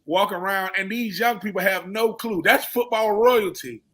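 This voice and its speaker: A man with a Southern American accent talks on a sports radio panel. His voice sits high and sounds bright and forceful. He tells stories with a lot of life and acts out the people he quotes. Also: normal speed. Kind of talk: casual sports talk.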